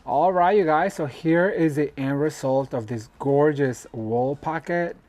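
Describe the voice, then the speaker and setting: A man's voice: a little high, a little slow, a little mellow, soft background music. A man from Mexico hosting a home decor craft tutorial, chatty and gushing, calling his viewers "you guys" and "honey" as he works at his craft table at home.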